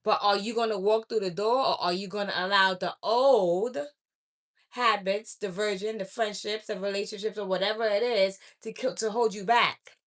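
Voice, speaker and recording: A woman's voice: mid-range voice, steady tone, normal speed. A woman speaking straight to her viewers as an oracle reader, blunt and preachy, scolding them and repeating her points. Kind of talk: direct-to-camera spiritual message.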